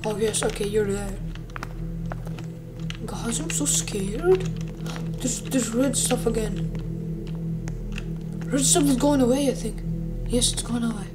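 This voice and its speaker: A woman streamer plays a horror game live, getting spooked easily and exclaiming often. Her voice is fairly high and she speaks slowly with long pauses, while loud music, poor audio and noticeable background noise fill the recording.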